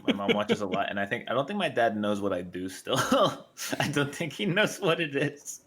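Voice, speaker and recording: A man's voice: mid-range voice, big pitch swings, moderate pace, a bit bright, husky. A man chatting casually in an easygoing, slightly awkward way about being a streamer. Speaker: streamer and show regular. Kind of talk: casual chat.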